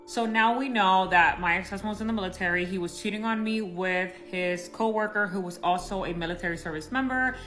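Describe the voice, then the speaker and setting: A woman's voice: mid-range voice, fairly quick, hardly any pauses, fairly bright tone, soft background music. A woman casually recounting a painful personal story, emotional and rambling with frequent fillers. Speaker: storyteller recounting her marriage.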